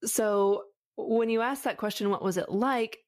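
A woman's voice: on the high side, measured pace, no echo. Earnest woman life coach, dry sound. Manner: earnest, reflective, flowing storytelling. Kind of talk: conversational interview answers.

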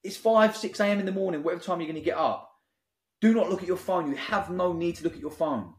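A man, a guest on a podcast, talking in a blunt, forceful, preachy, motivational way. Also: high voice, fast talker. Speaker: app founder guest. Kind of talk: podcast interview. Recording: roomy echo.

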